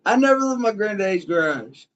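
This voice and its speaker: A man's voice: high-pitched, animated, fairly quick, highs cut off. A man live-streaming, taunting someone with crude trash talk and insults. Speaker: livestreamer.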